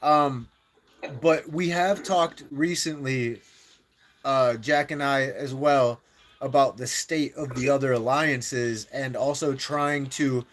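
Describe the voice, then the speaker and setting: A man's voice: mid-range voice, fairly even intonation, slow pace, fairly bright tone, slight background noise. A man streaming a mobile war game, talking strategy in a rambling way with many fillers and restarts. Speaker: gaming live streamer. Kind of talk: casual strategy chat.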